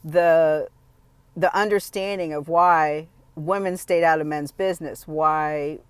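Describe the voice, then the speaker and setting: A woman's voice: sits low, fairly even intonation, slow, smooth, no room sound. Blunt, emphatic woman vlogger. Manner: emphatic, blunt, often restarting sentences. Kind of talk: casual opinionated monologue.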